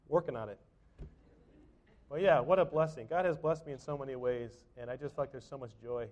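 A man's voice: medium pitch, a little mellow. A middle-aged man preaching a sermon in a church, talking in a conversational way with frequent restarts and fillers. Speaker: pastor. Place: church sanctuary.

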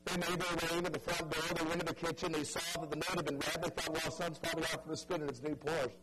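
Earnest preacher, slightly high-pitched man. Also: level tone, over loud music, low-quality recording. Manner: dramatic storytelling with sudden soft drops and drawn-out emphasis; earnest, pleading appeals to the listener. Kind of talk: evangelistic sermon.

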